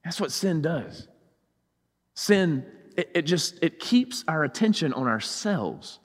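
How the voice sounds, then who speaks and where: A pastor with a Southern US accent preaching a sermon, rising to loud urgency and then dropping to a hushed intensity. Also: male voice, fairly high pitch, sing-song, slow, in a large hall.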